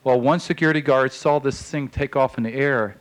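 A man telling a long personal story in a casual, halting way, with many fillers, acting out the voices of the people in it. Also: medium pitch, poor audio. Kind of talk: casual spoken anecdote.

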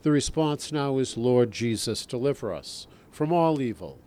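A priest leading his listeners in prayer, reciting a long litany in a measured, solemn way. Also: medium pitch, animated, warm tone, smooth.

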